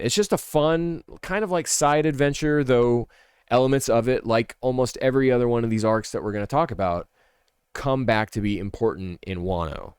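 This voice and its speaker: A man's voice: medium pitch, smooth, no room sound, clean studio sound. A man chatting casually as a streamer, rambling and thinking aloud, often correcting himself mid-sentence. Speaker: streamer ranking a series. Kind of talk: casual chat.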